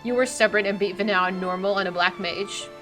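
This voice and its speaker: A woman streaming a game, chatting casually in an excitable, emotional way. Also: medium pitch, brisk, over music. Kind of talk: casual gameplay chat.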